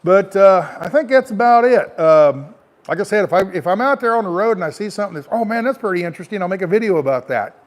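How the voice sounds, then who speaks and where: A man's voice: high-pitched, lively intonation, fast. A middle-aged American man, a truck driver, telling a rambling, frank story to camera in a casual way.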